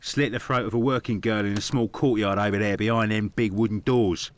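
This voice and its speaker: A gossipy, working-class barman, voiced by a male actor for a video game. He speaks bluntly and rough-spoken in a low voice. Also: fairly even intonation, a little fast, slight background noise, natural voice.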